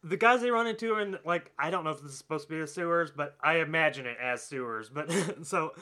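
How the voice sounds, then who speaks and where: A man co-hosting a casual movie podcast, telling the story with animated laughter. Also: on the high side, fast talker. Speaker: podcast co-host.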